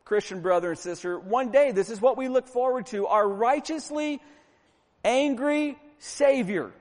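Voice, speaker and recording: A man's voice: extremely high pitch, a little slow, darkish tone. A middle-aged man preaching a fervent, emphatic sermon as pastor, hammering points home with repetition. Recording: long reverb from a large room.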